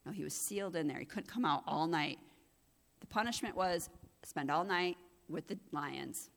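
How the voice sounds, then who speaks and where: A woman's voice: low-pitched, moderate pace, creaky, a bit bright. A woman pastor giving a conversational sermon, growing emphatic and intense at moments. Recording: long hall reverb.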